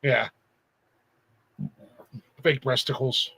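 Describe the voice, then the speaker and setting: Bright-voiced teasing man podcasting. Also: medium pitch, steady tone, drawn-out words, creaky, breathy edge, no echo. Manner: teasing, laughs often. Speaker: podcast host. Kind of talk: casual banter.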